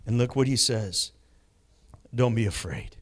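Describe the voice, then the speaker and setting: A man preaching a sermon, swinging between hushed moments and loud bursts. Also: mid-range voice, expressive, a little slow, breathy edge. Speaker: pastor.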